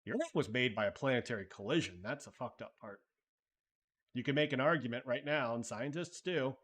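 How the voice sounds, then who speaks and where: Guy streaming live, loose and chatty, swears a bit, answers chat, normal pitch. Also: lively intonation, brisk, fairly bright tone. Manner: loose and conversational, thinking aloud, swears casually. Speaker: livestream host. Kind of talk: casual live stream chat reading viewer messages.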